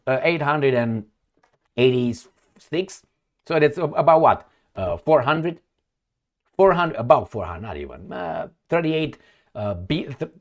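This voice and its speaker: A man reacting to news articles on camera, indignant and emphatic, swinging between loud outbursts and low mutters. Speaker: political commentator.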